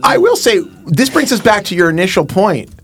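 A man's voice: high voice, big pitch swings, brisk, a bit bright, a little hiss or hum. A man co-hosting a podcast in casual, argumentative chat, constantly cutting in on the others. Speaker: podcast co-host.

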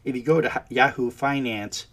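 A man's voice: mid-range voice, normal speed, fairly bright tone. A man giving ranting commentary in a sarcastic, mocking manner.

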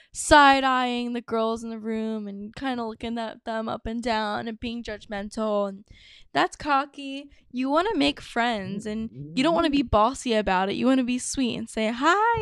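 A woman's voice: fairly high pitch, clean tone, dry recording, clean studio sound. A young woman in her twenties hosting a solo podcast, chatty and bubbly, with lots of casual fillers. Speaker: podcast host.

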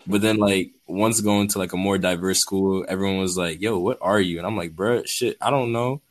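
Laid-back man with a low voice. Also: fairly even intonation, moderate pace. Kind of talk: casual chat.

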